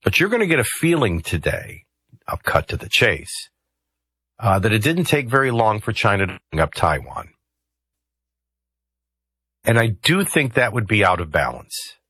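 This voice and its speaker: Man, talk radio host, low husky voice, dry studio sound, rambling asides. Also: sing-song, moderate pace, pauses often, sharp tone, no room sound. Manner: conversational, rambling asides with hesitations.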